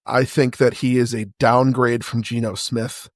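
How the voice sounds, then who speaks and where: A man's voice: mid-range voice, flat delivery, unhurried, no room sound, clean studio sound. A man co-hosting a podcast, bantering casually. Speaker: podcast co-host. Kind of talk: casual chat.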